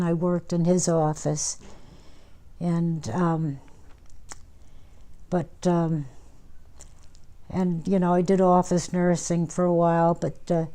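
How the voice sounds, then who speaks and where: Older lady rambling through old memories, low flat voice, lots of uhs and restarts. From United States. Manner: rambling, many fillers and restarts. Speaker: interviewee, former nurse. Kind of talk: oral history interview.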